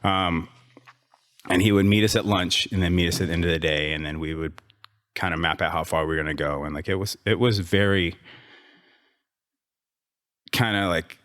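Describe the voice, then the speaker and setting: A man's voice: sits low, normal speed, pauses often, a bit bright. A man coaching and running a gym, telling a long story in casual interview talk, rambling and restarting, with sarcastic asides. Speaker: podcast guest, gym owner and coach.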